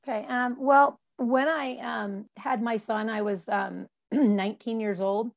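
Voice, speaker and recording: A woman's voice: a little high, steady tone, a little slow, gravelly. Reflective woman in her forties. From Colorado, USA. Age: 40s. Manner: reflective, many fillers and restarts. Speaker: interview guest. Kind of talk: candid personal conversation.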